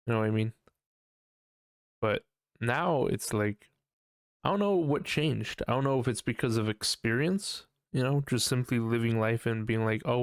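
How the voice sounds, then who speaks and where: Young guy rambling on his podcast, swears a lot, lowish voice, kinda dead dry sound. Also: no room sound. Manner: rambling, swears often, laughs at himself, mimics his own panicked voice. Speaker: podcast host. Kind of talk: casual solo podcast monologue.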